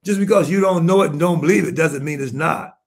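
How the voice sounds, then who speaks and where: A man in his seventies, a bishop preaching with emphatic rhetorical questions, swinging between hushed asides and shouted points. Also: a little high, fast talker, gravelly. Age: 70s. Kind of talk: sermon-style commentary.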